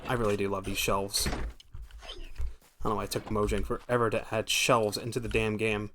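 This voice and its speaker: A man's voice: fairly low pitch, flat delivery, fairly quick, fairly bright tone, slight background noise. An American man giving casual, rambling gameplay commentary as a streamer, thinking aloud and swearing now and then. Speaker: gaming streamer.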